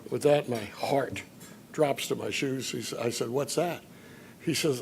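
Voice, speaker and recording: An older man from Chicago giving an after-dinner speech, telling anecdotes with dry humor and filler pauses. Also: medium pitch, gravelly, darkish tone, a little hiss or hum. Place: banquet hall at a dinner event.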